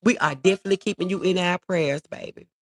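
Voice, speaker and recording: Talking fast in a lowish voice, a middle-aged woman runs a casual livestream, where she reads out viewer comments and speaks warmly and with feeling.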